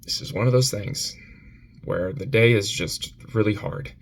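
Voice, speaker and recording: A man giving a confessional vlog on his phone, upset and near tears, speaking haltingly and repeating himself between sighs. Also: fairly low pitch, creaky, a little hiss or hum. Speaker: vlogger.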